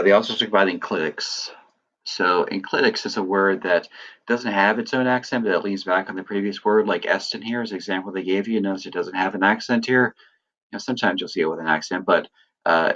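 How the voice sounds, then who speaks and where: A man teaching a lesson, talking through examples in a relaxed, explaining way with lots of "uh" and "right". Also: deep voice, dull audio. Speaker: Greek teacher. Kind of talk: recorded lecture.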